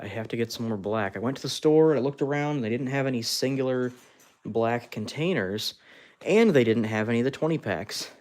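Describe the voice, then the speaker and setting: This clay-sculpting streamer has a medium-pitched, slightly mellow voice. He keeps things casual, chatting and laughing, narrating his work with his hands and reading out fans' chat.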